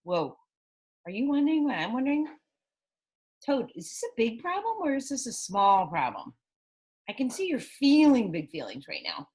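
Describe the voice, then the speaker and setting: A woman's voice: on the high side, normal speed, slightly rough. A woman teacher reading a picture book aloud to children, stopping to ask them questions. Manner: animated, asks children questions.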